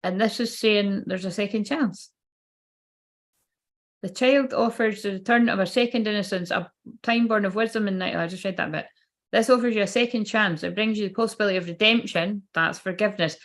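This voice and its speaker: A woman's voice: on the high side, a bit bright. A woman giving a casual, rambling livestream tarot reading, swearing freely and feeling unwell and tired. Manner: chatty, swearing, rambling asides. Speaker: tarot card reader.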